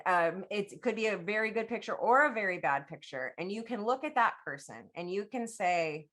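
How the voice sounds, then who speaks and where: A woman improvising as a player in a tabletop game, talking in halting, meandering bursts. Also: mid-range voice, lively intonation, a bit bright. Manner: halting, full of fillers and restarts. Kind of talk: improvised tabletop role-play.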